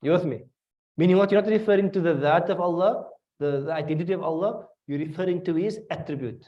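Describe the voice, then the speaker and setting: A man's voice: sits high, fast. South African man teaching, distant and dull. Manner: asks students questions, repeats and restarts while explaining. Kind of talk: classroom tafsir lesson. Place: classroom. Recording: dull lo-fi classroom recording from a distance.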